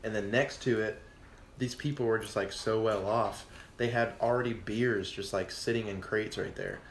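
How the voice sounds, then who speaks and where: A man in his twenties, a podcast guest, telling a casual story in a profane, animated way and acting out what people said. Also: fairly low pitch, moderate pace, slight background noise. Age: 20s. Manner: profane, animated, acts out quotes. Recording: echoey room.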